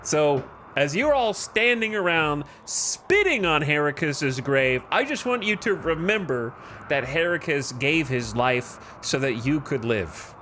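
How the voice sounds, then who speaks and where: A man's voice: a little high, lively intonation, measured pace, bright, forceful tone, a little hiss or hum. A man voicing an impassioned, grandiose gang-boss-style figure with a put-on Birmingham accent, delivering a scolding eulogy.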